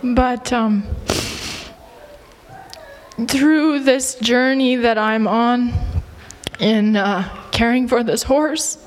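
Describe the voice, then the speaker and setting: A woman sharing an emotional personal testimony in church, halting and near tears, with many pauses. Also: fairly high pitch, big-room sound, slight background noise, low-quality recording.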